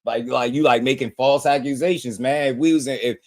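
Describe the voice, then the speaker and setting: Mocking, laughing boxing stream host. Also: male voice, mid-range voice, fairly even intonation, fairly quick, darkish tone. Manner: mocking, trash-talking viewers with frequent laughs; addresses chat directly, repeating names and taunts. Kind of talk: live-stream chat reaction.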